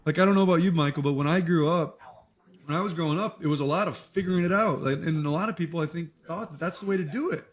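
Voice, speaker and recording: A man joining a podcast as a guest over a video call, talking in a relaxed, friendly, easygoing way. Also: fairly high pitch, fast talker. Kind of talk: casual conversation.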